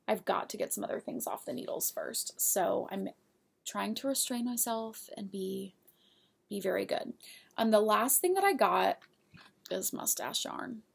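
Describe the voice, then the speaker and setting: Lady knitting podcaster, super gravelly fry, kinda husky, chatty and giggly. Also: mid-range voice, measured pace, long pauses. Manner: chatty, giggly, talks straight to viewers. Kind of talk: casual show-and-tell of yarn purchases.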